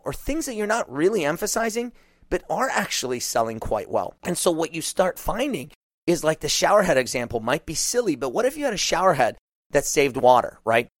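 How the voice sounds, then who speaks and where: Man, business coach, animated, fairly high voice, acts out client lines, dry close sound. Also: no room sound.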